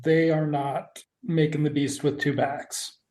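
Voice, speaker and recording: Low mellow-voiced woman chatting on a podcast, swears a lot, roomy echo. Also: level tone, a little slow. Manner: profane, jokey, acts out characters' lines. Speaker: podcast co-host. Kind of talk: casual chat recapping a TV episode.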